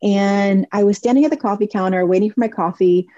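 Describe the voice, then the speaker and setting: A woman in her forties hosts a podcast of casual advice, telling stories and acting out other people's lines. Her medium-pitched voice is dark in tone and fairly quick, and the recording is dry and dull.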